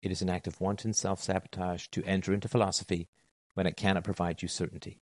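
A man's voice: low-pitched, level tone, fast talker, dry recording. A middle-aged man holding forth in a monologue on philosophy, emphatic and repeating his key phrases. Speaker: philosophy talk host. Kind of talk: monologue to listeners.

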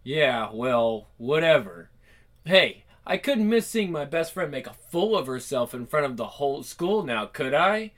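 A man's voice: a little high, sing-song, measured pace, a bit bright, pitched below the performer's own voice. A man reading a comic aloud, voicing a rebellious, sarcastic young woman who talks in dry, mocking wisecracks.

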